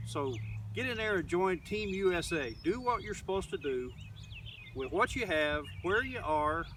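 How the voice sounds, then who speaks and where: An older Oklahoma man, a middle school teacher, gives a casual, rambling lesson out in his garden, full of fillers. His voice is high and sharp, picked up by a distant mic with faint outdoor noise.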